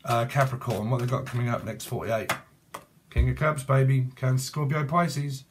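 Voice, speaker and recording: A man's voice: medium pitch, fairly even intonation, moderate pace, slight background noise. A man with a British accent giving a rambling, jokey tarot reading, free-associating and laughing at his own jokes. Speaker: tarot reader.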